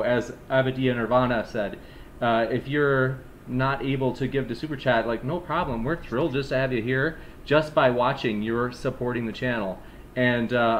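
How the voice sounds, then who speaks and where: A man moderating a live stream debate, reading questions in a friendly, hurried way, with some faint noise behind. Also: mid-range voice.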